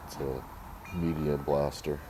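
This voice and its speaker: A man talking casually to camera in a vlog, rambling and thinking aloud, often clearing his throat, moving between his workshop and yard. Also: a bass voice, steady tone, a little slow, mellow, a little hiss or hum, low-quality recording. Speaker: vlogger.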